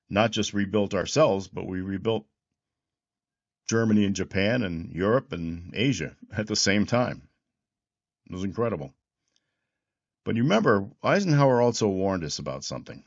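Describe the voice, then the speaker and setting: A man's voice: low voice, lo-fi sound. A man in his sixties hosting a reflective political commentary monologue, rambling with restarts and repeated words. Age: 60s. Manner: reflective, history-minded. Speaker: host.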